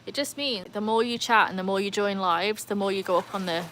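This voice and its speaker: A young British woman hosting a live stream, chatting casually with viewers and breaking into high cheering whoops. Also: brisk, a bit bright, slight background noise. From United Kingdom. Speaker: livestream host.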